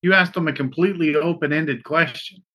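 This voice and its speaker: A man's voice: fairly high pitch, fairly quick, bright, forceful tone, slightly rough. A man playing a tabletop game, talking hesitantly with fillers. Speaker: player. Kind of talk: casual tabletop game play.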